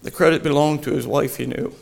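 Man, story narrator, slow and earnest, gravelly tone, reverberant hall. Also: on the high side, fairly even intonation. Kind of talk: reading a devotional story aloud.

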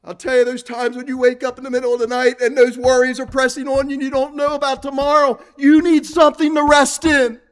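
A man preaching a sermon, reading scripture aloud and repeating his points earnestly, often dropping to a low murmur at the ends of phrases. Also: little pitch movement, a little fast, few pauses, clear, resonant tone.

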